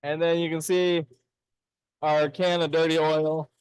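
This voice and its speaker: A man with a slightly high voice gives an easygoing, hands-on walkthrough at a rock saw in an indoor workshop. He explains the machinery step by step. The sound is dry and close. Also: level tone, measured pace, clean tone, no echo, rough recording. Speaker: lapidary saw operator. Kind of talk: casual hands-on demonstration.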